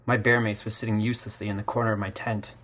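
A man reading a scripted first-person story, measured and literary, with short terse sentences. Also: fairly low pitch, level tone, a bit bright. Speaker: story narrator. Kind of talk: scripted dramatic narration.

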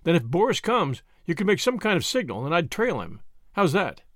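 A man's voice: high voice, sing-song, brisk, fairly bright tone, no echo, clean studio sound, heavily acted. A man voicing a brash, generous young American with an American accent and breezy, confident slang.

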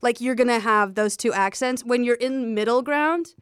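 A woman's voice: a little high, moderate pace, smooth, no room sound, clean studio sound. An American woman in casual podcast chat, enthusiastic and a little profane. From United States. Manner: casual, enthusiastic, swears lightly.

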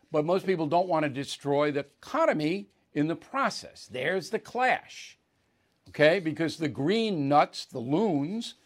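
A man hosting a political talk show, delivering an opinionated monologue in a conversational, emphatic way and checking in with the audience often. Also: high voice. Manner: emphatic, conversational, asks "right?" and "okay?" often.

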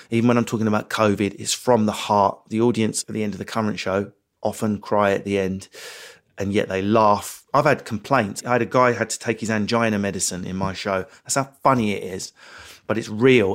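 A middle-aged man, a comedian guest, telling candid stories in an animated, quick, self-mocking way. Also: on the low side. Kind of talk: candid interview storytelling. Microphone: remote interview mic.

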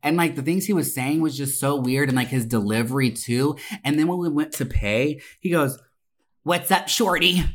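Profane, animated woman telling a story. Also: a bass voice, brisk, few pauses. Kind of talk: casual storytelling chat.

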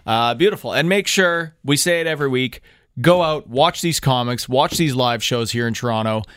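A man hosting a casual comedy radio show at a studio microphone, upbeat with quick interjections. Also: medium pitch, fairly bright tone, clear, resonant tone, no echo. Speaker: radio host.

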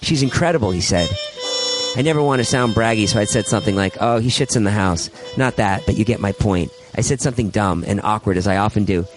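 A man's voice: lowish voice, quick pace, hardly any pauses, music in the background, rough recording. A man, a guest on a podcast, reading his own poem aloud in an earnest, wry way. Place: home man cave.

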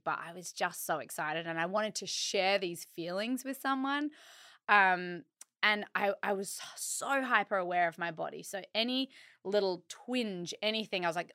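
A woman's voice: on the low side, no echo, clean studio sound. A woman in her thirties co-hosting a podcast, telling a personal story in casual chat and acting out what people said. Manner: animated storyteller, acts out quotes with laughs. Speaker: podcast co-host.

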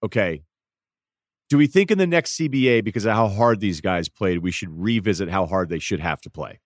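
A man's voice: lowish voice, lively intonation, brisk, no room sound. A man as a podcast guest in casual sports chat, playful and riffing through mock bits in a studio. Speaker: podcast guest, basketball analyst.

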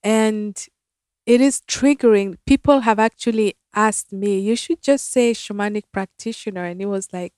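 A woman guest, a shaman and physician, speaking in a measured, affirming way. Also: mid-range voice, darkish tone, clear, resonant tone, dry recording, studio quality. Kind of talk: spiritual conversation.

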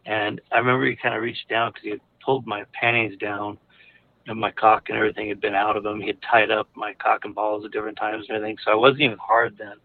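A man's voice: on the low side, little pitch movement, quick pace, gravelly. A man casually telling a personal story, rambling with lots of fillers and restarts. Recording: narrow phone-like audio.

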